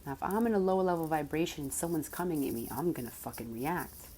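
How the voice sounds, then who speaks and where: Woman coach, low mellow voice, animated storytelling with soft whispered asides, faint noise behind. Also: fast talker. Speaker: spiritual coach. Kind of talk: casual monologue.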